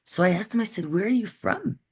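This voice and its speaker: A woman's voice: mid-range voice, expressive, a little fast, a little mellow, breathy edge. A woman from Canada giving an earnest, conversational workshop talk over a video call, often checking in with her listeners. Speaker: guest speaker.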